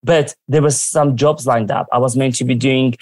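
A man telling stories from his working life in a lively, animated way, often acting out what others said. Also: medium pitch, moderate pace, no echo. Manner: lively, acts out quoted dialogue. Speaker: guest. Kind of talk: casual storytelling.

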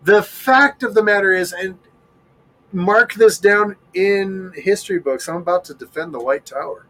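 A man co-hosting a podcast, telling jokes in a playful, animated casual chat. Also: high voice, normal speed, low-quality recording. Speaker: podcast co-host.

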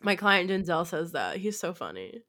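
A young woman in her twenties hosts a casual podcast chat with a lowish voice. She rambles animatedly from thought to thought and swears freely. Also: sing-song, moderate pace, pushed and bright. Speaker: podcast host.

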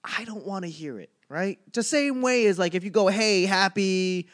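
A man performing stand-up comedy in a loose, ranting monologue. His voice sits a bit high for a man, and he talks in animated bursts broken up by fillers and restarts. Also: brisk.

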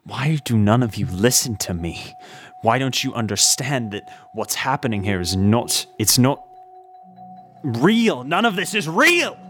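A man's voice: deep voice, unhurried. A man voicing a pompous, frustrated male doctor who lectures and flares into angry outbursts, with faint music behind. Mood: exasperated.

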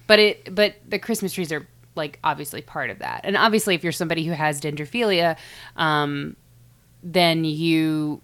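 A woman's voice: sits low, moderate pace, fairly bright tone. A woman co-hosting a casual podcast, chatting and explaining things she read with lots of hedges and laughs. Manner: chatty, hedging, laughs often while explaining research. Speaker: podcast co-host.

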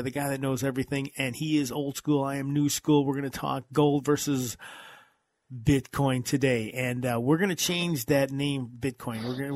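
A man's voice: mid-range voice, a little mellow, no room sound. Guy hosting a money podcast, all fired up and rambling, dry close mic. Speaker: podcast host. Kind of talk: casual finance podcast chat.

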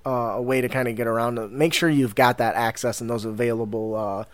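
A man's voice: mid-range voice, brisk, no room sound. Casual, profane man on a dry podcast mic. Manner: relaxed, profane, laughs easily. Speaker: podcast co-host. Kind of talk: casual tabletop advice chat.

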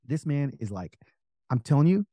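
A man with a slightly raised, lively voice shares stories as a guest author. He rambles with fillers and acts out the voices of the people in his stories. The sound is close and dry, with no room around it. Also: on the high side, moderate pace, dry recording. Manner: animated, acts out quoted voices, many fillers. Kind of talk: casual storytelling interview.

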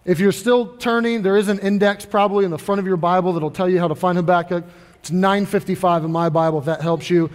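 A man's voice: sits high, in a large hall. A male pastor preaching a sermon to his congregation in an earnest, conversational way, often repeating his phrases. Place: church sanctuary.

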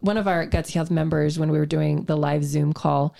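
A woman podcaster chatting casually about health, her voice low with a gravelly edge. She talks in a dark, mellow tone, restarting her sentences and tossing off sarcastic asides. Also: steady tone, brisk. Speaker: podcast co-host, health practitioner. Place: home podcast room.

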